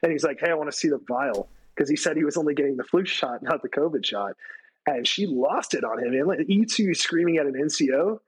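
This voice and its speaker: A man, a retired Army staff sergeant from the United States, telling stories as a podcast guest, animated, acting out quoted people with a raised voice. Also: a little fast, a little hiss or hum, poor audio. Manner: animated storytelling, acts out quotes with raised pitch. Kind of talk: casual storytelling interview.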